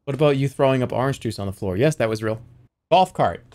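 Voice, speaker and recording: A man's voice: mid-range voice, lively intonation, quick pace, darkish tone. A man streaming a video game, chatting casually with viewers in a rambling, jokey way. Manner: jokey, rambling, slips into silly voices. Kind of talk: casual livestream chat while gaming.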